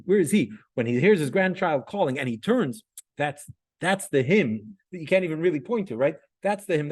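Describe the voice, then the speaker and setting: A man's voice: mid-range voice, darkish tone, breathy edge. A man teaching a class, lecturing conversationally, telling stories and often checking in with the students. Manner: conversational, many restarts and "right?" checks. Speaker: class instructor.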